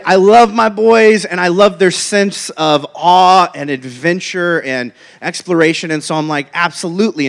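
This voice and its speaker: A man with a notably high voice preaches in a loose, chatty manner. He tells his story with jokes and asides, keeping the sermon conversational. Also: a bit bright.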